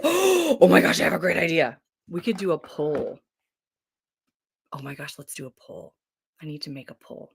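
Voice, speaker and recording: A woman's voice: fairly low pitch, a bit bright. A woman hosting a casual livestream from home, bubbly and chatty, laughing often as she reads out viewer comments. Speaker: livestream host.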